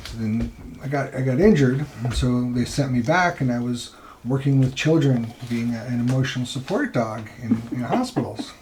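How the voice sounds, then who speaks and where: A man telling a long joke from off camera, halting with restarts and fillers. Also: mid-range voice, animated, warm tone. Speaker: host's partner telling a joke.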